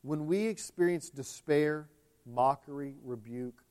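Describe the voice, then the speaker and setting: Male pastor, fairly high voice, impassioned preaching that swings from hushed to loud. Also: measured pace, clean tone. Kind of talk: sermon.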